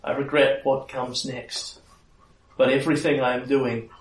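A man voicing a solemn, regretful ruler who speaks in a grave, measured way. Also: mid-range voice, flat delivery, pitched above the performer's own voice, close to an everyday voice. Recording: roomy sound, mic at a distance.

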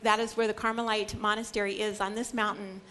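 A woman's voice: mid-range voice, flat delivery, fairly quick, pushed and bright. A woman Bible teacher giving a scripture lecture, retelling stories with dramatic, emphatic storytelling.

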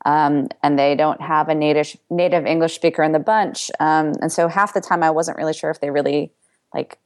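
Low-voiced woman author, hesitant and relaxed. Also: brisk. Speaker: guest author. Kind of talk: interview answers.

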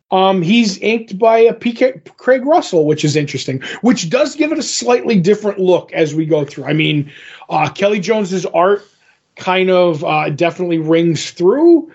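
A man's voice: high-pitched, a little mellow, dull audio. A man co-hosting a comic book podcast, retelling a story in a rambling, casual way with lots of fillers. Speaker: podcast co-host.

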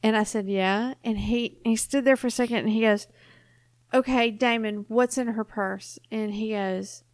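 A young adult woman co-hosts a casual podcast, her voice sitting a little high. She tells stories with energy and acts out what other people said. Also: normal speed. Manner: animated storyteller, acts out quotes. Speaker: podcast co-host. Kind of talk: casual chat.

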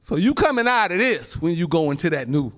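Man, pastor, sermon, folksy talk, swooping lively pitch, slightly high voice. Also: brisk. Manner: animated preaching with laughs and call-outs to the congregation; folksy informal phrasing.

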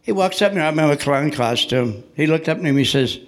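An older man who served in the Navy tells jokey stories live to an audience in a church hall. His voice sits on the high side and is animated and fairly quick. He chats with the crowd and builds everything toward the punchline.

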